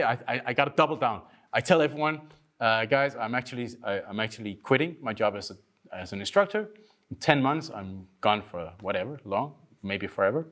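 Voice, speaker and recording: A man from Denmark gives a workshop talk in a loose, storytelling way. He acts out other people's voices with big swings in pitch and swears casually. He sounds a little tired, having slept little. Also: a bit bright. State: tired from lack of sleep. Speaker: workshop speaker.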